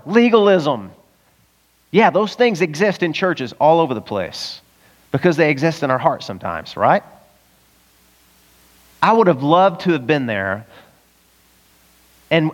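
A man preaching a casual, conversational sermon as a pastor, animated and acting out the voices of the people in the story. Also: a little high. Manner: animated, acts out voices of Bible characters, chuckles often. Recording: long reverb of a church hall.

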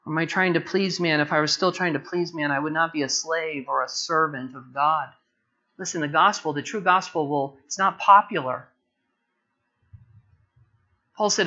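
A man preaching a sermon, moving from quiet prayerful reflection to loud, emphatic, impassioned preaching. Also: on the high side, steady tone, moderate pace, long pauses, highs cut off. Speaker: pastor.

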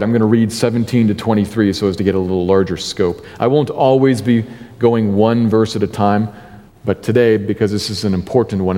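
A man preaching a sermon as pastor, deliberate and leaning on key words, slowing down to read scripture. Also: lowish voice, mellow, in a large hall.

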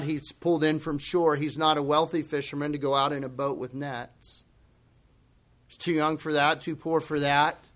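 A man with a somewhat high voice preaches a sermon as pastor. He is expressive, dropping to hushed near-whispers and building to emphatic outbursts. Now and then he slips into a conversational aside, acting out voices. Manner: acts out quoted speech in conversational asides.

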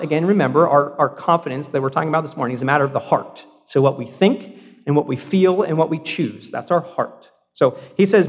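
A man preaching a sermon, talking to the congregation in an earnest, conversational way that circles back through rhetorical questions and restarts. His voice sits a little higher than most men's. The sound carries a long hall reverb, as if from a church sanctuary. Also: fairly quick. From South Carolina. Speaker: pastor.

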